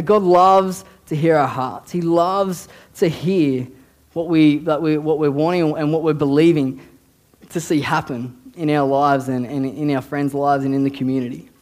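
A man's voice: on the high side, darkish tone. A man, a youth pastor giving a conversational sermon, often repeating words as he talks. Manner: conversational, repeats words, acts out quoted voices. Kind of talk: casual sermon.

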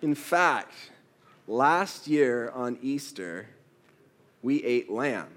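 Guy preaching a sermon, slow and easy, jokey little story bits. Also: mid-range voice, lively intonation, fairly bright tone, slight background noise. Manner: storytelling, playful with quoted asides. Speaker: pastor.

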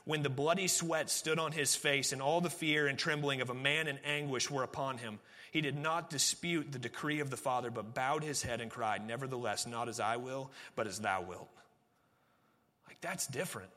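A man, a pastor, preaching a sermon earnestly, pushing phrases up with emphasis and then dropping to a quieter, intimate tone. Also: mid-range voice, moderate pace, big-room sound.

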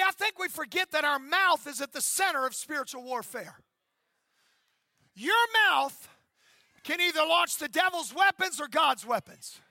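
A male pastor in his fifties delivers a fervent sermon in a church, shouting and calling out to the congregation. His voice sits very high and rings with a sharp, piercing brightness. The sound is dry and close, with little room reflection. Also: dry recording. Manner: fervent, shouting, call-and-response preaching. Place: church sanctuary.

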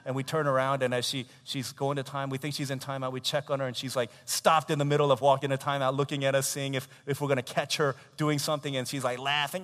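A man in his thirties preaching a sermon, telling a family story in an animated way, with laughter and acted quotes. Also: medium pitch, fast, few pauses. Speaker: pastor. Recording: long hall reverb.

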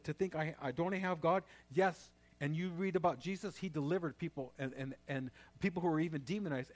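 A man preaching a sermon as pastor, talking conversationally and then rising into loud, fervent prayer. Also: fairly high pitch.

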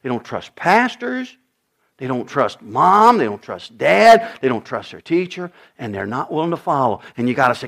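A man's voice: mid-range voice, big pitch swings, moderate pace, gravelly, a bit bright. An older man preaching a sermon to his congregation, emphatic and repetitive, often asking his listeners questions. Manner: emphatic, repeats phrases, asks the congregation questions. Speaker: pastor.

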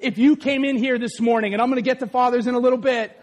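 A man with a very high voice delivers a sermon as pastor, animated and joking. He often breaks into shouts, and his voice rings with a long church-hall reverb. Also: fast. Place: church sanctuary.

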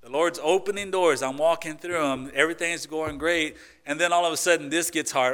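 This male pastor's voice runs on the high side, and he talks a little fast with hardly any pauses. Preaching to his congregation in a conversational manner, he leans on rhetorical questions and swings from loud, emphatic lines to quiet asides.

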